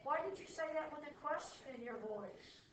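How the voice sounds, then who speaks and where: A woman teaching math to a class, explaining slowly and checking often that students follow. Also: high-pitched, noisy background. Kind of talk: classroom lecture. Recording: echoey room from far off.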